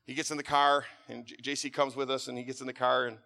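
Bright-voiced man preaching a sermon. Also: medium pitch, flat delivery, fast, gravelly. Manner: preachy, rising to fervent near-shouting. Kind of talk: sermon with storytelling.

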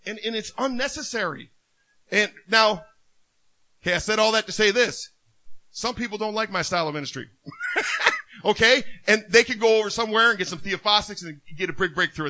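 A man preaching a sermon as a minister, telling stories in an animated way and laughing often. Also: high voice, fast talker.

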